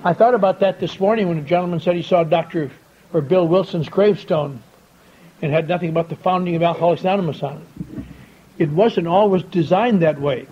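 Older man, fairly high voice, folksy and wry storyteller, dull lo-fi tape with faint hiss. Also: fairly quick. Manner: folksy, wry, with quoted dialogue. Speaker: speaker at a recovery convention. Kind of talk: storytelling talk to an audience. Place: large convention hall.

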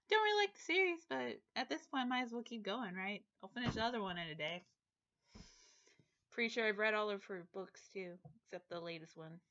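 Woman, book vlogger, bright tense voice, animated rants, slightly dull lo-fi recording. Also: a little high. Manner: animated, quick bursts, swears and exaggerates. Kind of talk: casual chat to camera.

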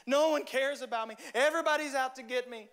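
A man plays a self-pitying drama king, his voice pushed high and loud into over-the-top wailing. Every small trouble turns into a tragedy. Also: fast talker. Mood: whiny, dramatic. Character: whiny melodramatic man who wants constant prayer.

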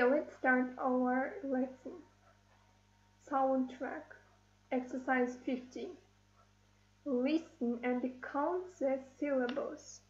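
A woman teaching an English lesson, speaking slowly and clearly, breaking words into syllables. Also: high-pitched, darkish tone, slight background noise. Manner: slow, clear, syllable-by-syllable instruction. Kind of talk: online classroom lesson. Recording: roomy, dull lo-fi recording.

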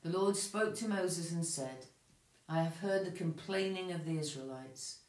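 A man leading morning prayer, reading psalms and scripture in a measured, steady way. His voice sits a little high for a man. The room rings with echo around him. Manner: measured, steady reciting with small self-corrections. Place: church. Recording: echoey room.

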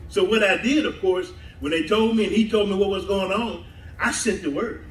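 This is a high-voiced pastor from the southern United States, preaching at normal speed to a congregation that answers his calls as he laughs often. A distant mic in the echoey church sanctuary records him, with slight background noise.

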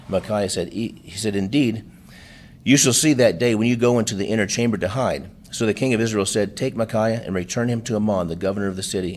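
A man's voice: fairly low pitch, a little mellow, a little hiss or hum. A man preaching a sermon, reading scripture aloud with frequent restarts and adding plain-spoken asides. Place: church.

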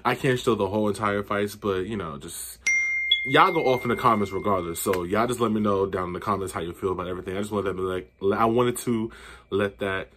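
A young man with a slightly low voice, talking straight to his viewers as a reaction host. He is chatty and opinionated, fires off exclamations, and swears freely as he comments. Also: a little fast, heavy background noise.

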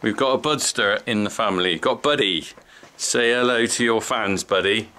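A man's voice: fairly low pitch, moderate pace, sharp tone, a little hiss or hum. A man vlogging casually at home, talking to his new puppy in sing-song baby talk. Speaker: farmer vlogger. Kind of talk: casual vlog.

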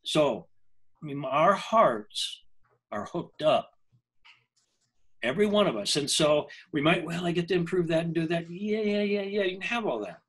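A man's voice: fairly high pitch, expressive, moderate pace, a bit bright, husky, low-quality recording. An older man, a language coach, telling a personal story in an interview, earnest and often breaking off and restarting his sentences.

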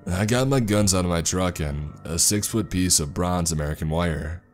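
A deep, low-pitched man narrating a scripted horror story. He reads steadily and matter-of-factly, with faint music playing softly underneath. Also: moderate pace.

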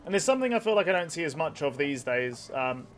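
A young man with a nasal, rather high voice, commentating a game stream in a loose, chatty way. He swears freely and drifts between tangents as he plays. Faint noise and clicks sit behind him. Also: very animated, quick pace. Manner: chatty, swears freely, rambles while gaming. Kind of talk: casual let's play commentary with chat.

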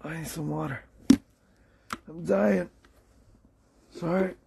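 A man with a sore throat and a husky voice, joking around with viewers in a casual livestream. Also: on the high side, fairly even intonation, slow, very noisy. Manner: joking, playful banter with viewers. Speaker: livestream host.

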